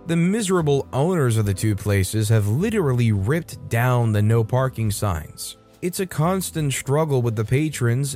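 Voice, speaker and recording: A man narrating online revenge stories in a scripted, expressive reading style. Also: medium pitch. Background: faint background music.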